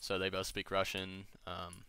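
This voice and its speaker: Young man, low-ish voice, bright and smooth, dry close sound, rambling profane gaming chatter. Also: completely flat delivery, measured pace, no echo. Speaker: gamer streaming with friends. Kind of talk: casual gaming chat.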